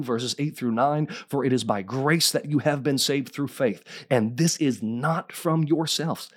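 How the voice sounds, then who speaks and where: A man preaching a sermon as pastor, fervent and emphatic, often rising in pitch and throwing questions to the congregation. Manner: fervent preaching, rising to near-shouts, call-and-response questions.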